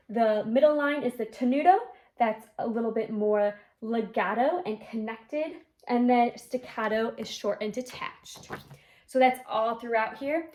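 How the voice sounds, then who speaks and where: A woman teaching flute, explaining articulations step by step and singing the syllables of each note. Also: on the high side. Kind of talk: instrumental music lesson. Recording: echoey room.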